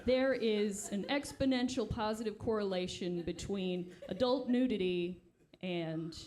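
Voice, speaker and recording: A woman's voice: medium pitch, measured pace, a little mellow. A woman comedian giving a mock-serious debate speech in a comedy club, faking earnest outrage.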